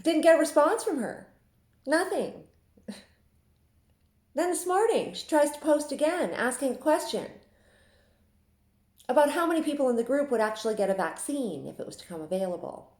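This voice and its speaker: A woman's voice: sits high, sing-song, moderate pace, pauses often, darkish tone. A woman who runs an online group, talking in a chatty, confiding way with frequent laughs, from Saskatchewan in Canada. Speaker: Facebook group admin. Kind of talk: casual monologue. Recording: echoey room.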